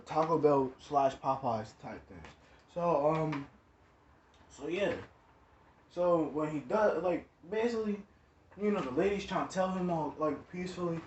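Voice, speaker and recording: A young man tells a rambling story, leaning hard on slang and fillers. His voice sits a little high. The recording is echoey, dull and lo-fi, with a faint hiss behind. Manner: slangy, rambling, full of "like" and "you know what I'm saying". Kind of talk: casual storytime. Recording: echoey room, dull lo-fi sound, faint noise.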